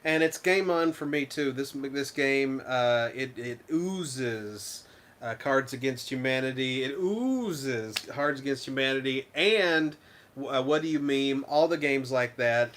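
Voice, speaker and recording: A man co-hosting a casual game review chat, rambling and animated, with frequent restarts. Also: medium pitch, a little slow, slight background noise. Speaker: co-host of a game review show.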